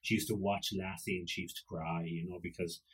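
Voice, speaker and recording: A man with an Irish accent hosts a casual podcast, chatting loosely and telling stories about his dog. His voice is slightly husky, and he jumps into playful voices and salty language as he jokes. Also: deep voice, little pitch movement, a little fast, fairly bright tone, low-quality recording. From Ireland. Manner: rambling, joking, acts out voices and swears. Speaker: podcast host. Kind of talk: casual solo podcast monologue.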